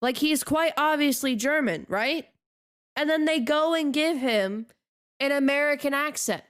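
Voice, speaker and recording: A woman's voice: high-pitched, unhurried. A woman streamer chatting casually on a live stream, ranting in an exasperated way and laughing often.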